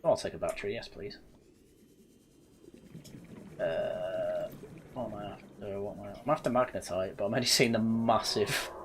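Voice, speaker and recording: A man's voice: on the low side, normal speed, pauses often, noisy background. A young man from England with a slightly posh northern English accent, chatting casually and telling rambling, self-correcting stories while playing a game. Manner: rambling anecdotes with frequent laughs and self-corrections. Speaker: gaming channel host. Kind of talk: casual let's-play chat.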